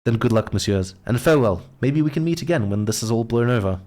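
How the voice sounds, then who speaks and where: A man voicing a cautious young female bird in a game, speaking in an earnest, warning way, a bit lower than his usual voice. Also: lively intonation, fast talker, a little mellow, soft background music, lightly acted.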